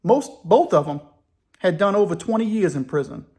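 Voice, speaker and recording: A man's voice: high voice, lively intonation, darkish tone. Man telling a prison story. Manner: plain, conversational, unhurried. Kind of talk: first-person prison storytelling.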